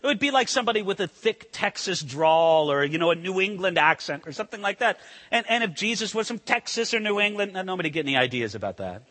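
A man preaching a sermon, swinging between loud emphasis and hushed intensity. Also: high voice, very animated, fast, big-room sound. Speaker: pastor.

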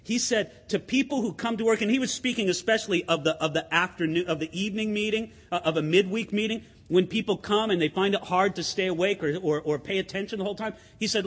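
A man preaching a sermon as pastor, conversational and animated, with asides to the congregation. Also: high-pitched, fast talker, few pauses, breathy edge, big-room sound.

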